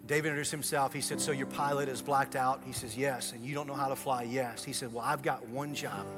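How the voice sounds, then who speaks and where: A man preaching a sermon, retelling a story with swings from hushed lines to loud, excited passages. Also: mid-range voice, fast, music in the background. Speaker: pastor.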